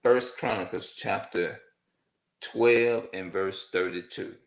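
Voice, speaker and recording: A man giving informal religious teaching, halting and repeating himself as he reads from notes. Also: low-pitched, roomy sound, rough recording.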